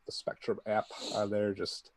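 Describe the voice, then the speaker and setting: Deep-voiced blunt man, dry sound. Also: monotone, measured pace, dry recording. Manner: blunt, swears, rambling. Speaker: podcast co-host. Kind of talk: casual sports chat.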